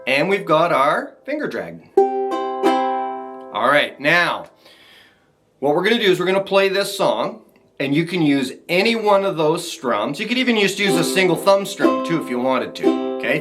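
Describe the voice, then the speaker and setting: A man teaching a ukulele strumming lesson, talking to viewers in a relaxed, encouraging way. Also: on the high side. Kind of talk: casual instructional talk. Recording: ukulele playing behind voice.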